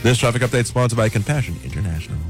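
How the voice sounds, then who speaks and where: A male radio traffic reporter who reads road conditions at a fast clip. His low voice moves around a lot in pitch, with faint music under it. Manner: brisk, even read of road conditions.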